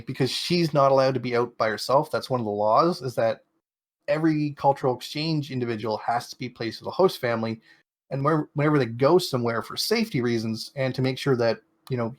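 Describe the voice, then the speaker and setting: A man's voice: medium pitch, brisk. Rambling young man recapping a show. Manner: rambling plot recap with many fillers and quoted asides. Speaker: podcast co-host. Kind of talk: casual chat recapping an anime episode.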